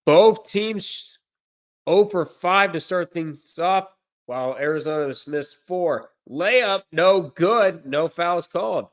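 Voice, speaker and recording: A man doing amateur play-by-play commentary on a livestream, unpolished and correcting himself, with deadpan asides. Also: high-pitched, slow pace.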